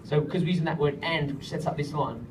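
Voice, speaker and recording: Speaking quickly in a fairly high voice, a man directing a songwriting workshop jokes with the group and often sings lines as demonstrations. He sits far from the mic, so there's faint ambience and background noise.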